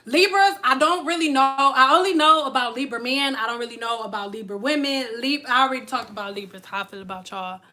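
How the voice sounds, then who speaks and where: A woman's voice: high-pitched, a little fast, few pauses, bright, forceful tone, a little hiss or hum. A young adult woman vlogging in a casual, frank and profane way, acting out the people she talks about. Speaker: hair care vlogger. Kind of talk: casual chat to camera.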